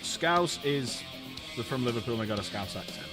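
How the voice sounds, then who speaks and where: Chatty streamer, guitar behind. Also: male voice, medium pitch, expressive, brisk. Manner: chatty and jokey, repeats phrases. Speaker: streamer host. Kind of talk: casual live-stream chat.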